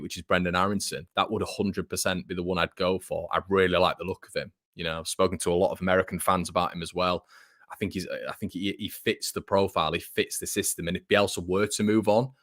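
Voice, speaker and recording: Young male host, deep voice, dry close mic, chatty and informal. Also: a bit bright, dry recording. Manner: chatty, frequent restarts and fillers, says mate a lot. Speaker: fan channel host reading live chat. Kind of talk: casual live-stream chat.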